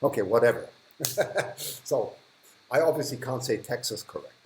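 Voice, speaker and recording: A man's voice: mid-range voice, animated, moderate pace, a little hiss or hum, poor audio. A man hosting a live stream from a hot, humid indoor room, chatting casually as he reads and thanks viewers, often restarting sentences and chuckling. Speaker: livestream host.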